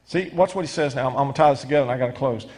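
A middle-aged male pastor preaching a sermon, animated and stumbling into quick restarts as he reads scripture and explains it. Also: medium pitch, husky. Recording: long hall reverb.

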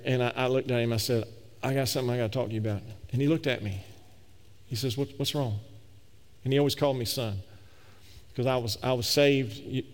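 This is a storytelling sermon: a middle-aged pastor spins his tale in a lively, homespun manner and often circles back to repeat himself. He speaks at a typical male pitch, and every phrase rings out with the long echo of a big sanctuary.

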